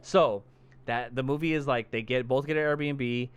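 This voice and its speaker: Guy on a podcast going through a movie plot, smooth clear voice, curses a lot, does little voices for the characters. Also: mid-range voice, moderate pace. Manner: animated storyteller acting out characters, heavy cursing. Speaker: podcast co-host. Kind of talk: casual chat, retelling a movie plot.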